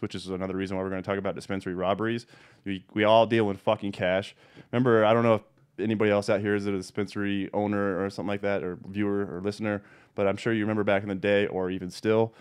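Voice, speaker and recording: A man's voice: fairly low pitch, a little mellow, smooth. A man hosting a podcast, a cannabis grower going on a heated, profane rant and swearing constantly. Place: home.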